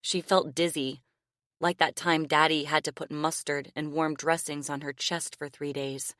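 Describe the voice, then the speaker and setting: A woman narrating a novel audiobook in a measured, expressive reading style. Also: low-pitched, no echo, clean studio sound. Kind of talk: scripted narration.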